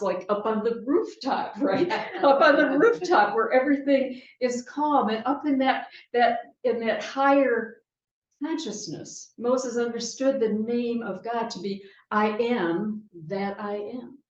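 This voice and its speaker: Chatty woman minister in a roomy sanctuary. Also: on the high side. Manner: chatty and lively, laughs often, asks "right?". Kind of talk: sermon. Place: church sanctuary. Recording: dull, roomy sanctuary sound.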